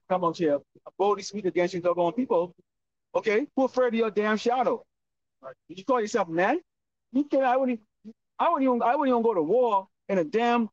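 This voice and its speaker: A man preaching on the street in a loud, profane, scolding manner. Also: high voice, dry recording. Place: outdoors, windy street corner. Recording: distant lo-fi outdoor recording.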